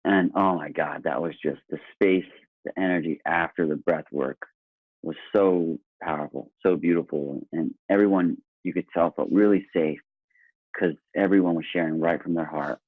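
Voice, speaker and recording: An earnest, enthusiastic man talking casually on a podcast, his voice deep and a little husky. The sound is thin and phone-like, and very dry. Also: steady tone, normal speed, dry recording. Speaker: guest. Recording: tinny phone-line sound.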